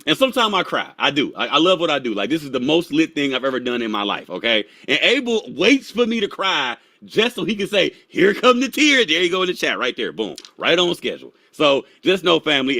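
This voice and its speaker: Animated slangy man hosting a live stream. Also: mid-range voice, no echo. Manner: slangy, animated, laughs often, talks to the chat. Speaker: crypto live stream host. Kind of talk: casual live stream teaching.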